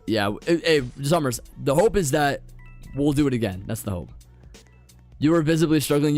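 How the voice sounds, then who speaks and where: A young adult man streaming a game, chatting casually with his viewers and commentating his play, often repeating phrases and dropping into quiet mutters. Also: a little high, expressive, brisk, soft background music. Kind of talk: casual live-stream chat with gameplay commentary.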